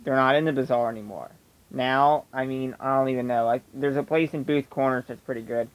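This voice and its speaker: A man's voice: medium pitch, fairly even intonation, a little fast, clean tone, highs cut off. A man with a Delco accent from the Philadelphia area, ranting casually and bluntly about local opinions straight to camera. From Delaware County, Pennsylvania. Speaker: vlogger.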